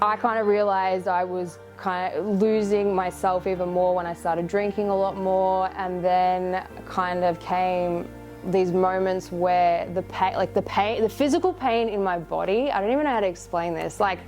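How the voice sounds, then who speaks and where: A woman's voice: lowish voice, steady tone, normal speed, a little mellow, soft background music. A young woman, telling her own life story in a candid, reflective, confessional way, with casual swearing. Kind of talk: personal storytelling.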